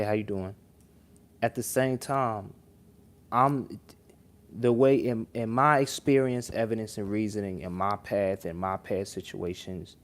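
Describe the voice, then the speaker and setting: A man's voice: fairly low pitch, a little mellow. A young man hosting a livestream, giving casual, rambling reaction commentary full of slang and restarts.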